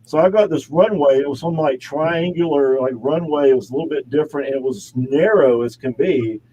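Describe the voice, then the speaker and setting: A man talks as a guest in a casual interview, rambling from one anecdote to the next and laughing as he goes. His voice is dark and mellow, recorded in his home studio with a faint hum of room noise behind him. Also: a little high, fairly quick, low-quality recording. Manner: rambling, chatty storytelling with frequent laughs. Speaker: actor and model, guest.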